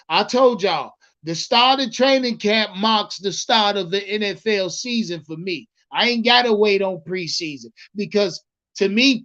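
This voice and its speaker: A man's voice: high-pitched, fairly bright tone. Profane, rambling man on a lo-fi stream. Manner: profane, rambling, repeats himself, addresses the chat. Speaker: livestream sports commentator. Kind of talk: casual livestream chat with viewers.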